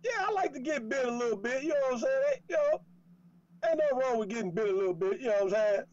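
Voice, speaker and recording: Very high-voiced man teasing on the radio. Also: animated, fast talker, darkish tone, muffled recording. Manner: flirty, teasing, stammering repeats. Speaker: radio show co-host. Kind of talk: playful joking radio banter.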